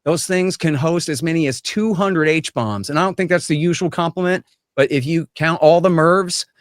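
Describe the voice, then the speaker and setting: A man with a fairly high voice gives blunt, emphatic political commentary as an interview guest. He sounds opinionated and forceful. The recording is dry and close. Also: moderate pace, dry recording.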